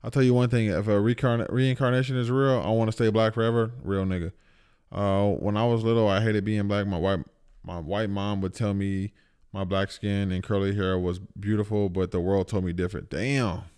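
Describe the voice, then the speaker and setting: A man's voice: fairly low pitch, flat delivery, normal speed, a little mellow, clean tone. A man streaming live, reacting to a video with blunt, profane, emphatic casual commentary.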